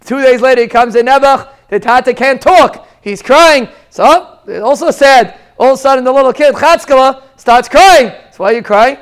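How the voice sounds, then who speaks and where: A man giving a lively Torah lesson, telling stories and jumping up in pitch for emphasis. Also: moderate pace, hardly any pauses, clear, resonant tone. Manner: animated, storytelling, pitch jumps up for emphasis. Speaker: Torah teacher giving a daf shiur. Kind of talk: lively Torah lecture with Yiddish and Hebrew terms.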